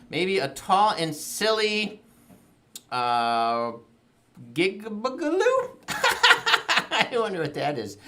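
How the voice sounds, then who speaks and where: A woman's voice: deep voice, a bit bright. A woman hosting a children's library show, leading a sing-along in a playful, sing-song voice with frequent laughs and animal noises.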